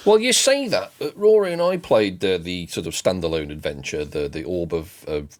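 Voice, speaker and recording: A man's voice: low-pitched, big pitch swings, moderate pace. A man co-hosting a casual podcast, full of teasing, jokey banter. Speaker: podcast co-host. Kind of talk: casual chat.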